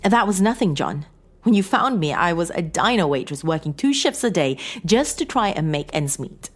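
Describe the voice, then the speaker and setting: Woman doing a clingy, sorrowful estranged wife, husky and emotional, for a horror audiobook. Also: lowish voice, very animated, moderate pace, pitched above the performer's own voice. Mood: pleading. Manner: pleading, tearful.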